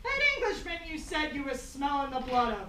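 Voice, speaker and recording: A woman's voice: high-pitched, big pitch swings, fairly quick, sharp tone, full character voice. A woman playing a bossy giant's wife who scolds in a folksy rural way in a stage skit. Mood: scolding. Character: bossy, nagging giant's wife in a hillbilly style. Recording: echoey room from far off.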